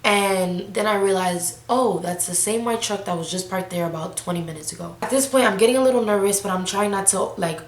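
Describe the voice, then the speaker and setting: A woman's voice: medium pitch, a little fast, few pauses. Teen woman vlogger, 18, casual slangy storytime delivery, echoey room. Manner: casual, slangy, breathless retelling. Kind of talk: storytime vlog.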